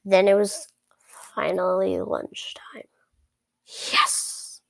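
A woman's voice: mid-range voice, measured pace, vocal fry, a little mellow, dry recording. A woman narrating a story in the first person, chatty and rambling, with sarcastic asides.

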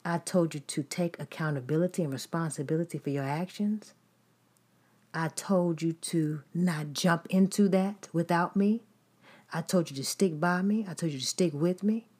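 A woman's voice: fairly low pitch, normal speed, darkish tone, husky. A woman preaching a sermon in an emphatic, repetitive style, building points through long lists.

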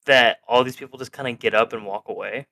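A man's voice: mid-range voice, fast, gravelly, sharp tone, no echo. A man co-hosting a podcast, recapping an episode in casual chat, laughing often and acting out characters' lines. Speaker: podcast co-host.

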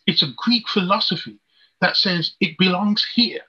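A man's voice: sits high, normal speed, sharp tone, breathy edge. A man preaching a sermon, telling a personal testimony in an earnest storytelling way with rhetorical questions. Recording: dull lo-fi recording.

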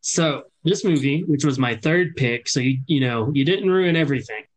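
A man's voice: medium pitch, normal speed, slight background noise, poor audio. Guy on a podcast going on and on, lots of "you know"s and "like"s. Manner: hedging, many fillers, explains at length. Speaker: podcast co-host. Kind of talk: casual chat.

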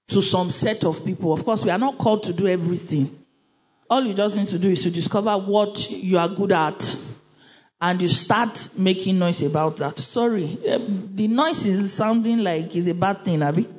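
A woman's voice: mid-range voice, darkish tone, rough recording. A woman with a Nigerian accent presenting a book review at church in a conversational, emphatic way, often repeating herself and voicing little quoted asides.

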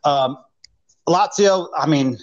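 A man hosting a football talk show, laying out his view in a measured way with frequent fillers. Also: fairly high pitch, muffled recording. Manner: measured, hesitant, many fillers. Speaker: sports talk show host. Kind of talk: hosting a sports discussion.

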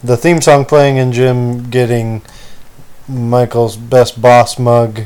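A man's voice: medium pitch, flat delivery, takes it slowly, darkish tone, clear, resonant tone. A man co-hosting a podcast, chiming in with short agreements and dry asides while recapping a TV episode. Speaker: podcast co-host. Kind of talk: casual chat recapping a TV episode.

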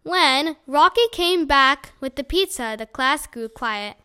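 A woman reading a children's chapter book aloud in a lively, expressive storytelling manner. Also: high-pitched. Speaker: audiobook reader.

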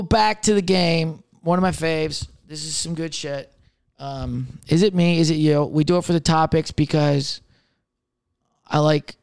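A young man riffs alone on his comedy podcast, rambling and cursing casually as he goes. His voice sits a bit high and comes through smooth and clear. The sound is close and dry, with no room around it. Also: dry recording. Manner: loose, rambling, swears freely, laughs at himself. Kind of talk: casual solo chat.

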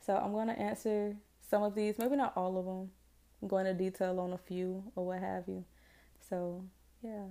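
Southern girl in her twenties rambling on her podcast, mellow voice, real casual and slangy. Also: mid-range voice, flat delivery, normal speed. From Jacksonville, Florida, US. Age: 20s. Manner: chatty, rambling, self-deprecating, slangy. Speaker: podcast host. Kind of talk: casual solo podcast chat.

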